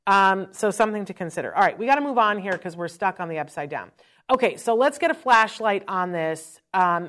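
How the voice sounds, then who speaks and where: A middle-aged woman hosting a chatty advice talk, telling stories in an animated, frank way. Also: fairly low pitch. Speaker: host. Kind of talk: live-stream advice talk.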